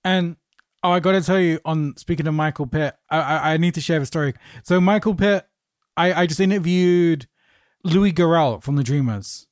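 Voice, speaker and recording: A man hosting a podcast with a fairly high voice, recorded close and dry with no room sound. He tells stories animatedly, jumping into quoted voices and dropping swear words casually. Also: moderate pace, dry recording. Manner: animated storyteller, swears freely. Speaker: podcast host. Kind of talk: casual podcast conversation, storytelling.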